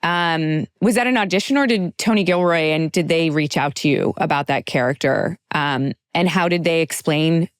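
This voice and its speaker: A woman's voice: low voice, moderate pace, few pauses, no room sound, clean studio sound. A woman hosting a casual interview, asking enthusiastic, rambling questions full of "like". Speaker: podcast host.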